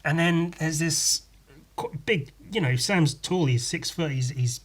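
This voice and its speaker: A man's voice: fairly high pitch, lively intonation, unhurried. A man hosting a podcast on his own, rambling through a story in a sweary, self-deprecating way with lots of restarts. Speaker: podcast host. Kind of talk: casual solo podcast monologue.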